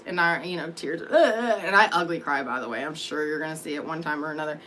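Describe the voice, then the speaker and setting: A woman talks straight to the camera in a loose, rambling monologue. Her voice is bright and sharp. She swears freely and fills her pauses with ums and likes, with a faint hiss underneath. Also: low voice. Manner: candid, rambling, profane, with frequent fillers. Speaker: vlogger. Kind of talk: casual storytelling monologue.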